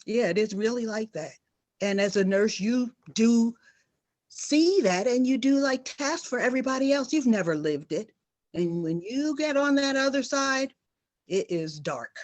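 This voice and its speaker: A middle-aged nurse speaks on a panel in a slightly high, lively voice with a moderate pace and a somewhat mellow quality. She gives earnest, emphatic personal testimony, repeating her key phrases for weight.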